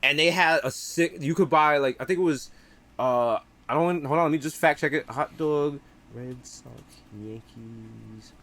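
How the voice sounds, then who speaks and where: A man's voice: on the high side, measured pace. A man from the Bronx, co-hosting a comedy podcast in casual, joking banter and mimicking other people's voices. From the Bronx, New York. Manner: animated, mimics voices, laughs a lot. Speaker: podcast co-host.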